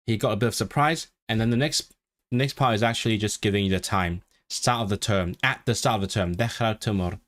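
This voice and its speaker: Man, language streamer, slightly low voice, halting, repeats phrases, home desk mic. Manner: halting, repeats words while practising pronunciation. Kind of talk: live-stream study session, reading aloud.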